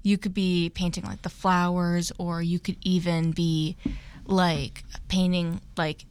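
A woman's voice: lowish voice, level tone, slow pace, a little mellow, clear, resonant tone. A woman hosting a casual group chat, talking loosely with many fillers. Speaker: host.

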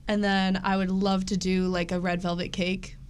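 A woman's voice: mid-range voice, monotone, moderate pace, slight background noise. A twenty-one-year-old woman in a casual group chat, enthusiastic about her plans.

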